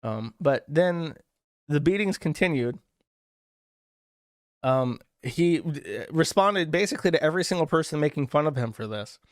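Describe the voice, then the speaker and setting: A man's voice: on the high side, animated, normal speed, dry recording, studio quality. A male streamer giving casual, sardonic commentary in a loose, rambling way. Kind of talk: casual commentary reading posts.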